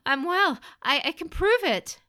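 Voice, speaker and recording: A woman's voice: very high voice, very animated, measured pace, bright, forceful tone, pitched above the performer's own voice, full character voice. A woman voicing a desperate young man pleading with his mother, raised and stammering. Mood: frantic. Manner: rising, stammering, frantic pleas.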